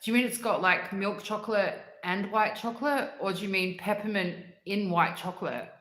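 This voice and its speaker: A woman's voice: medium pitch, normal speed, fairly bright tone, echoey room. A congested woman hosting a casual livestream, chatting with viewers and gushing about sweets with lots of "like" fillers. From Australia. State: congested, clearing throat often. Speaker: livestream host. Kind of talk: casual chat with live chat viewers.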